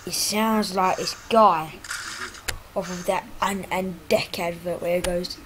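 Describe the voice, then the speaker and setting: Excitable woman gaming. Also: fairly low pitch, slow pace, slight background noise, low-quality recording. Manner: excitable, exclaiming, jokey. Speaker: gaming YouTuber. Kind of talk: gameplay commentary.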